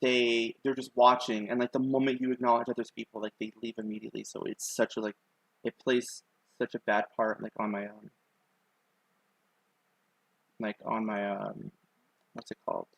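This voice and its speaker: A man's voice: mid-range voice, flat delivery, normal speed, gravelly, long pauses, fairly bright tone, no echo, rough recording. A young man with a lisp, chatting casually and rambling self-consciously on a live stream, with many ums and likes. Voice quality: lisp on his S sounds.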